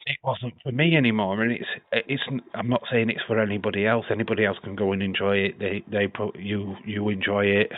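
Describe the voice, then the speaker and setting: A man talks bluntly in casual podcast chat, cursing freely. His voice sits a little low, and it comes through a tinny phone-like line with no room echo. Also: brisk, hardly any pauses. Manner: blunt, animated, swears freely. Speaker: podcast co-host.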